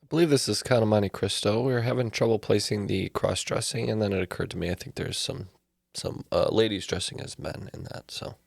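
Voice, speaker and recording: A man competing on a trivia podcast, talking in an easygoing, halting way. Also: on the low side, steady tone, creaky, no echo, clean studio sound. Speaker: quiz contestant. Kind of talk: casual podcast banter.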